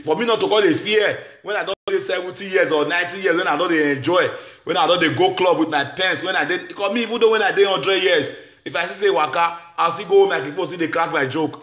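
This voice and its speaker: Man, Nigerian Pidgin accent, high-pitched, emphatic and repetitive, echoey room. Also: a bit bright. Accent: Nigerian Pidgin English. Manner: emphatic, repetitive, shifts between Pidgin and English. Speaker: comedian. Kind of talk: impassioned speech to a gathering.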